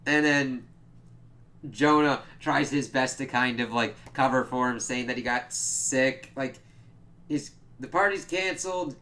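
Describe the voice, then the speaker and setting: A man's voice: medium pitch, little pitch movement, measured pace, pushed and bright. A man giving a casual, rambling spoken review of a comic book. He swears freely, leans on fillers and acts out the characters' reactions. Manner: loose and rambling, full of fillers and swearing, acting out quoted reactions.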